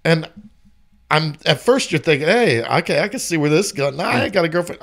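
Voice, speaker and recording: A man's voice: fairly high pitch, sing-song, a little fast, gravelly, fairly bright tone. A man joking and bantering in casual talk show chat. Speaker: co-host.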